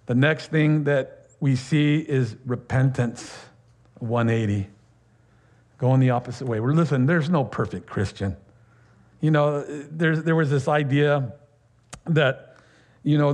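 A man preaching a sermon as pastor, talking conversationally with laughs, fillers and quick asides. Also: mid-range voice, a little mellow.

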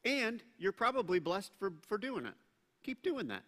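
Male pastor, high bright voice, animated sermon in a reverberant hall. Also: moderate pace. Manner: animated, acts out quoted voices. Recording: long reverb of a large hall.

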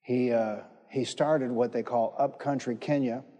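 A man's voice: medium pitch, fairly even intonation, a little slow, warm tone. A man preaching a sermon, emphatic, repeating phrases and calling on the congregation to respond. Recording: echoey hall with long reverb.

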